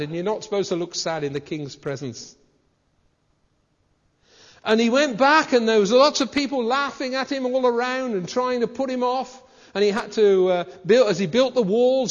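A man preaching a sermon in a conversational way, asking his listeners questions. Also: high voice. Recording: dull recording with hall reverb.

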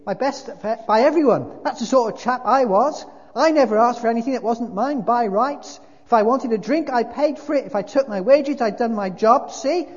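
A man voicing a blustering, self-righteous dead working man as a big ghost, loud and indignant, in a sermon. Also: extremely high pitch, normal speed, few pauses, husky, voice pushed up. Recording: muffled hall reverb.

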